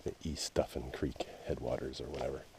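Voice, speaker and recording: A man's voice: rumbling low, steady tone, a little fast, vocal fry, background noise. A man with a Canadian accent, narrating a hike in the woods to an action camera in a wry, grumbling way. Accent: Canadian English. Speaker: hiking vlogger. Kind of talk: casual narration while hiking. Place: wooded trail outdoors.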